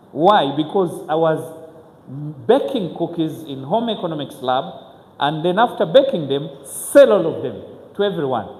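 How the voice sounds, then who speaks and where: A man, telling his own story to an audience as a motivational speaker, earnest and halting, with frequent restarts. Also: fairly high pitch, darkish tone. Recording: echoey hall with faint ambience.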